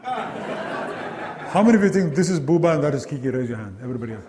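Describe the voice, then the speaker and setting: A man giving a lively academic lecture to a live audience, quizzing the listeners and acting out sounds and quoted voices. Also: on the high side, a little fast, a faint crowd. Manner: lively, engaging, asks the audience questions.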